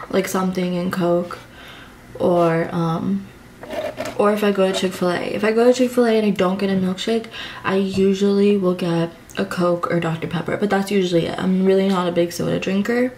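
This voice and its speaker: A woman's voice: medium pitch, a little mellow, a little hiss or hum, rough recording. A young adult woman chatting casually for a food vlog, telling a rambling story full of fillers. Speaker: food vlogger. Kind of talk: casual eating vlog chat.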